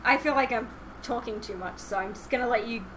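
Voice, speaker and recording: A woman's voice: on the high side, fairly quick, background noise. A young woman co-hosting a podcast in casual chat, enthusiastic and laughing often. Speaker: podcast co-host.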